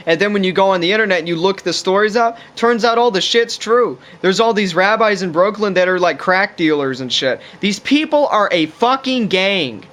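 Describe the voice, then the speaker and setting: A man's voice: sits high, animated, normal speed, few pauses, a bit bright. A man talking to camera in a casual ranting monologue, rambling and profane, with lots of fillers. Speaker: vlogger.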